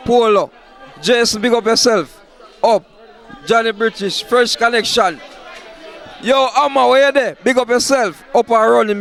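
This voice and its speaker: A man with a Jamaican accent giving excited shout-outs as an interviewer at a party. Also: high voice. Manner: excited, hyping. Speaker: event interviewer. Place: outdoors at a party.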